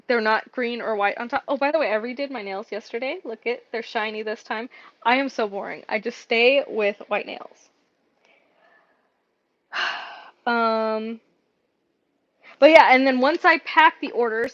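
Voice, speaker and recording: A woman's voice: fairly high pitch, fairly bright tone, dull audio. A woman chatting casually on a live stream while packing craft orders, rambling with lots of fillers. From Mexico. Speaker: craft shop owner streaming.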